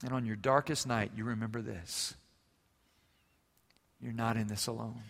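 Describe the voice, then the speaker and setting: A man preaching a sermon as pastor, swinging from loud emphasis to quiet, intimate passages. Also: mid-range voice, steady tone, moderate pace, vocal fry. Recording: long reverb of a large hall.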